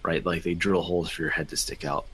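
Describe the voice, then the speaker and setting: A man's voice: deep voice, level tone, quick pace, a bit bright, slightly rough. A man on a casual podcast, explaining at length in a rambling way, hedging with "like" and "right". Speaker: podcast co-host.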